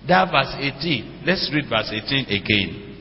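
A man's voice: mid-range voice, expressive, a little slow. A middle-aged man, preaching a sermon as pastor and putting questions to the congregation. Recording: dull lo-fi church hall with long reverb.

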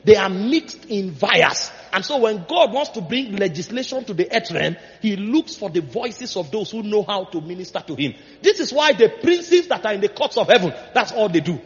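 An impassioned male preacher whose voice sits high and swings widely, climbing into shouted, sing-song peaks. The sound is dull and muffled, with a long reverb trailing through a large hall. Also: vocal fry. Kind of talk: sermon.

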